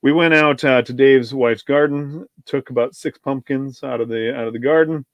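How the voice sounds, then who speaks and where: Rambling pastor telling a story. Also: male voice, medium pitch, steady tone, normal speed, dry recording. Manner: rambling, self-correcting, with tangents. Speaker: pastor, podcast guest. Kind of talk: casual storytelling chat.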